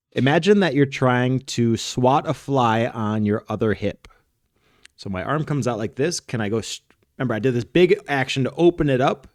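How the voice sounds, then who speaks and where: A man's voice: medium pitch, darkish tone, no echo, studio quality. A man co-hosting a soccer podcast, explaining technique while demonstrating it in a casual, instructional way. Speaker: soccer coach and podcast co-host.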